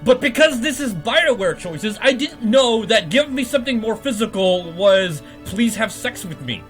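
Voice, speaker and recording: A man's voice: high-pitched, animated, a little slow, fairly bright tone, faint music behind. A man hosting a podcast, giving a comedic, profane recap of a game plot and laughing often. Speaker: podcast host.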